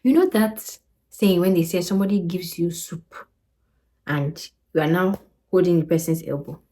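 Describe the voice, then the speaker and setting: A woman's voice: fairly low pitch, normal speed. A young Nigerian woman with a Nigerian accent, recounting her travels in a casual vlog and acting out the people she quotes. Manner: animated retelling, acting out quoted voices. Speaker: vlogger.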